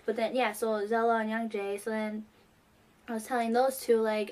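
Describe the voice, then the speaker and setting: A teenage girl excitedly telling a rambling fan story, full of fillers. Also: on the high side, normal speed. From New York. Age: teens. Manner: gushing, rambling, many fillers. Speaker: fan vlogger.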